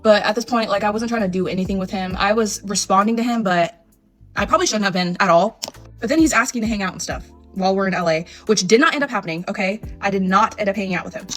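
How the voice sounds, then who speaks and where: A woman in her twenties telling a casual storytime, chatty and animated, acting out her own texts. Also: mid-range voice, fast, faint music behind. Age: 20s. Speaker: storytime vlogger.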